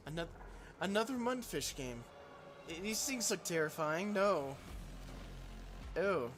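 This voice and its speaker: Over background music, a man livestreams his reactions to game trailers, swearing freely and laughing a lot. His voice sits high and he talks slowly, though his manner is excitable and profane.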